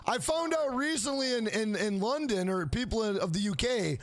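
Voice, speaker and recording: A man's voice: high voice, animated, moderate pace, no echo. A man live-streaming a video game, chatting casually with viewers in a rambling, profane way.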